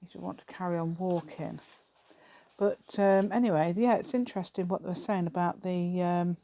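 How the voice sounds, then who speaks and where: A woman's voice: fairly low pitch, steady tone, moderate pace, mellow, a little hiss or hum. A middle-aged English woman chatting in a rambling way while she works on a craft project, laughing often. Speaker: craft vlogger. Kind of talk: casual chat while crafting.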